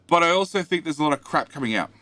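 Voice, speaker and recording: A man's voice: a little high, expressive, very fast, bright, forceful tone, no echo. A man with an Australian accent chatting casually on a game live stream, rambling, repeating himself and muttering to himself while he plays and answers chat.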